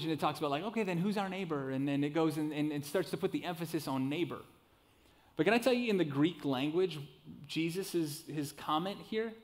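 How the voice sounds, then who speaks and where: A man in his thirties preaching a sermon in a casual, animated way, with quick asides and self-deprecating jokes. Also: high voice. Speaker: pastor. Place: church sanctuary.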